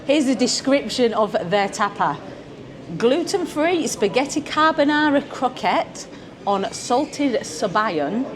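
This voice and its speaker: A woman vlogging at a beachfront restaurant, chatting casually as she tastes tapas and hums her approval at each bite. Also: mid-range voice. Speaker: food vlogger. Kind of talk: casual food-tasting commentary. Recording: busy restaurant crowd behind.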